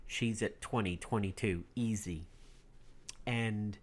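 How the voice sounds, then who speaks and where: A man hosting a political commentary video, talking loosely and conversationally with wry asides. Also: mid-range voice. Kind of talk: casual commentary monologue.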